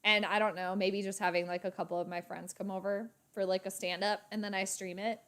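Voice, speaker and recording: Casting: chatty, excitable woman host reacting live to a football game. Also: mid-range voice, fairly quick. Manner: excitable, chatty, laughing often. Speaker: sports channel host.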